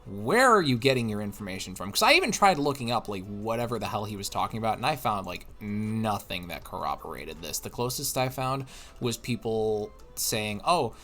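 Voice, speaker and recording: A man's voice: lowish voice, lively intonation, brisk, sharp tone. Casting: tired, yawning male game streamer, rambling casual chat, music faint behind. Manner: rambling storytelling with restarts. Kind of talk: casual chat while gaming.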